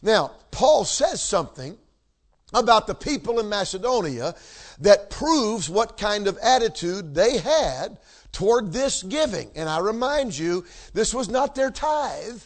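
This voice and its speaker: A man's voice: high voice, big pitch swings, measured pace. A man preaching a sermon, emphatic, repeating key words and checking in with the congregation. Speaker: pastor.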